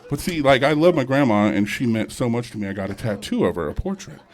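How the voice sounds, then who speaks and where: A man's voice: medium pitch, sing-song, fast. Crude, crowd-teasing stand-up comedian, a man. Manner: crude, crowd-teasing, loose rambling delivery. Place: live comedy show with audience.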